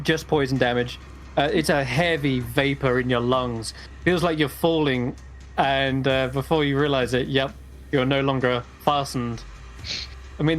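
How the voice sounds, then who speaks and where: A man running a tabletop game as dungeon master, narrating events in a relaxed, rambling way. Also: medium pitch.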